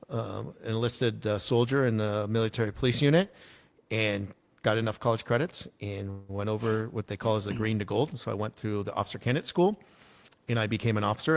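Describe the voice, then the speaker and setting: A man in his forties from Arizona, a podcast guest telling stories from his life in a casual, lively way, with plenty of ums and uhs. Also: fairly low pitch, vocal fry. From United States (Arizona). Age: 40s. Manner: lively storyteller, acts out quoted people, many fillers. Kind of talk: casual storytelling interview.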